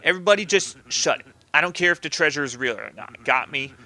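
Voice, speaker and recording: A man voicing a gruff, bossy male mob boss from a video game in a put-on New York Italian accent, with tough, blunt threats. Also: on the high side, expressive, fast talker, pushed and bright, full character voice. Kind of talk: reading game dialogue aloud in voices.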